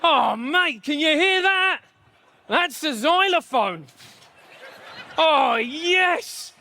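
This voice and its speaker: A comedian doing a boisterous English lad with a high, bright, shouty voice. He blurts out excited exclamations in a thick English accent. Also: moderate pace, full character voice. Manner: loud, excited blokey exclamations. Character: boisterous English bloke in a restaurant.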